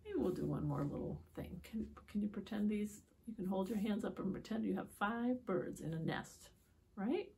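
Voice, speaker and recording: A woman reading picture books aloud to young children, expressive, with gasps and drawn-out words. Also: mid-range voice, vocal fry, slight background noise. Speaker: storytime reader.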